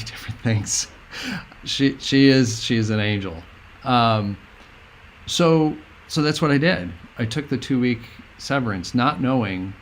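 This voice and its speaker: A middle-aged man, a guest, telling a personal story in an earnest, meandering, halting way. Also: mid-range voice, slight background noise.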